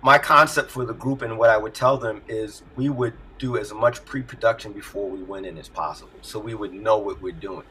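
A middle-aged man, a music producer, telling stories in an animated way and laughing often during a casual interview over a video call. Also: fairly low pitch, fairly quick, hardly any pauses, a little hiss or hum, low-quality recording. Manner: animated storyteller, laughs often, acts out voices.

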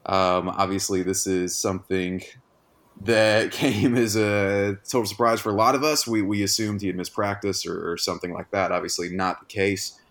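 A man's voice: sits low, flat delivery, moderate pace, a bit bright. A man hosting a casual sports podcast, joking and self-deprecating. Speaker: podcast host.

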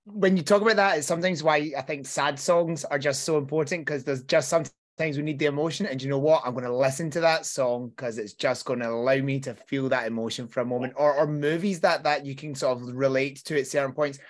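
A man co-hosting a podcast, telling quick personal anecdotes in casual chat. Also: medium pitch, steady tone. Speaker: podcast co-host.

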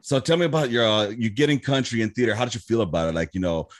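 Low-voiced man, crude veteran banter. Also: quick pace. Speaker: military veteran, co-host chatting. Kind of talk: casual chat.

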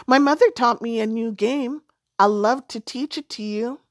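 A woman's voice: on the high side, normal speed, no room sound, clean studio sound, natural voice. A woman voicing a playful, sly young male snake who coaxes his friend in a spoken storybook tale. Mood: coaxing. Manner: coaxing, wheedling.

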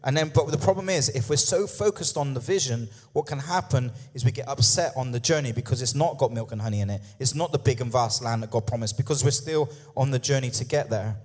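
A man's voice: medium pitch, moderate pace. A man preaching a sermon in a conversational way, with humorous asides and frequent "yeah?" and "okay?" check-ins. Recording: long hall reverb.

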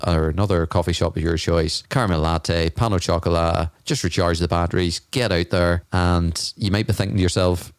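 A man's voice: low voice, moderate pace, few pauses, dry recording, clean studio sound. A man co-hosting a casual podcast, chatty and jokey as he tells stories. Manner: chatty, jokey, animated storytelling. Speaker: podcast co-host. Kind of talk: casual chat.

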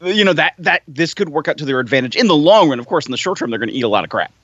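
A man's voice: fairly high pitch, animated, racing, a bit bright, slightly rough, dry recording, muffled recording. A man co-hosting a comedy podcast over a remote call, matter-of-fact and dry in his chat. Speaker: podcast co-host.

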